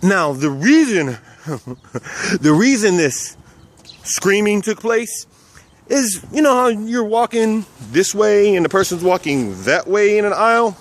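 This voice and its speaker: A man's voice: sits high, animated, measured pace. A man from South Texas casually telling personal stories, speaking of himself as "we" and chuckling now and then. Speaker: vlogger.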